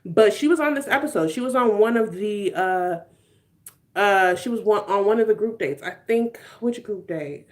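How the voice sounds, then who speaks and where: Expressive and mid-range, this twentysomething woman's voice moves at a normal speed as she runs a casual live stream. She banters playfully with viewers, laughs a lot and drops slang here and there.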